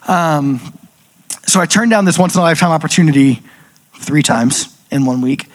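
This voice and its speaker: Man, slightly high voice, casual testimony storyteller, filler-heavy. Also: moderate pace. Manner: chatty, full of "like" fillers, animated quoted asides. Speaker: speaker sharing a personal testimony.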